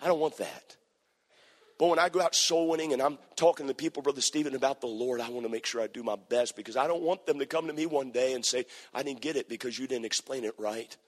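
A man preaching a sermon, telling a story with impassioned, repetitive phrasing that builds to near-shouted climaxes. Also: medium pitch. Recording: long hall reverb.

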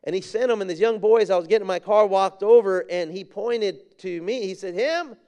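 A man with a high-pitched, mellow, clean voice preaches a sermon with fervor, speaking a little fast. He repeats phrases for emphasis and reads scripture in King James wording while sharing a personal story.

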